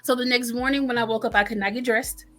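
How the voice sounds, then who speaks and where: A woman chatting as an interview guest, recounting her story in a casual, animated way. Her voice sits a bit high, and she slips into the voices of the people she quotes. Faint music plays underneath. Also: fast talker. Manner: animated, acts out quoted dialogue. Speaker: guest chef.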